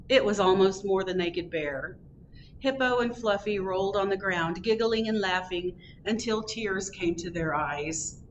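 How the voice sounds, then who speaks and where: A librarian reading a picture book aloud to children at storytime, in an expressive, gently animated voice. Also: female voice, mid-range voice, a little slow, lo-fi sound, noisy background.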